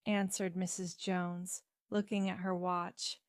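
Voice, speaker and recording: Woman, story narrator, slow careful reading, mid pitch, dry sound. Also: dry recording. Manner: slow, clear reading for learners. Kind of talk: graded reader story narration.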